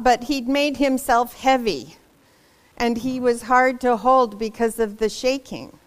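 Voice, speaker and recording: A woman reading a children's story aloud in a slow, deliberate way, her voice a little high. She is expressive and dramatic, and she stops now and then to speak to young listeners. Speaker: storybook reader.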